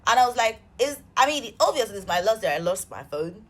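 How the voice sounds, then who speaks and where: A woman telling an exasperated storytime vlog, animated and swearing freely. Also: a little high, brisk. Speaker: vlogger.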